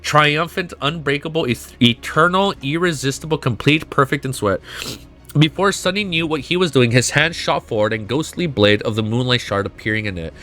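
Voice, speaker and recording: A man streaming himself reading a web novel aloud, breaking into emotional, profane, excited reactions. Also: a little high, normal speed, soft background music. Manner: emotional, swears often, gushes in excited outbursts.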